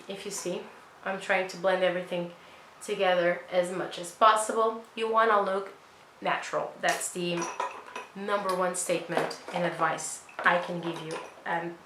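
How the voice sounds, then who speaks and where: A young woman talks through her makeup routine in a loose, chatty way, full of self-deprecating asides. Her voice is bright and forceful. The room sounds roomy, with a faint hum behind her. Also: fairly low pitch. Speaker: beauty vlogger. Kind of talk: casual makeup tutorial chat.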